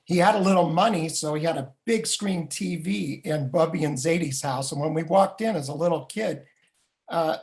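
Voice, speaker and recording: An older man and Jewish educator telling a family story in a vivid, animated way. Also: a little high. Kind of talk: storytelling talk.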